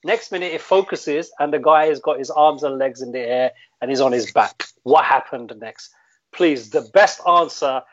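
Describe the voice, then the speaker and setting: A man's voice: mid-range voice, moderate pace, a bit bright, no echo. A man co-hosting a casual live-stream chat, rambling with many hesitant fillers. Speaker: co-host. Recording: dull, muffled audio.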